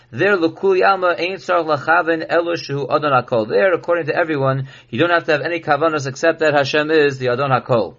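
A man's voice: on the high side, fast talker, hardly any pauses, a bit bright. Man teaching a halacha class, lo-fi. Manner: reads Hebrew text then explains in English. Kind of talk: recorded Torah class. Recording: dull lo-fi recording.

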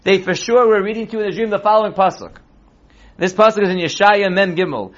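A man teaching a text-based class as a rabbi, reading passages slowly and then explaining them in a plain tone. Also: high-pitched. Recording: dull lo-fi recording.

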